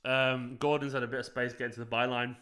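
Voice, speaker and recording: A man's voice: mid-range voice, level tone, quick pace, sharp tone. A young man hosting a live football watchalong, chatting casually, reacting to the play and greeting viewers by name. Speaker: fan channel host. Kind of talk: live match watchalong commentary, reading chat.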